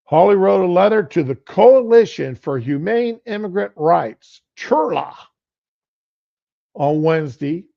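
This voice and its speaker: Gravelly middle-aged man, lo-fi stream. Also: high-pitched, expressive, a little slow. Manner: rambling and conversational. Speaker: livestream political commentator. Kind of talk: casual political commentary. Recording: lo-fi stream audio.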